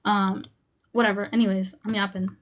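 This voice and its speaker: A woman's voice: mid-range voice, flat delivery, moderate pace. A young woman hosting a live debate who talks over the other side with repeated short commands, then speaks frankly to her viewers. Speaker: host and debater.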